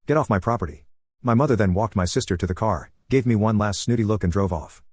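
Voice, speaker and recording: A man reading a first-person online story aloud in a brisk, even storytelling manner, close to the mic in a dry booth. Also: on the low side, husky, no echo.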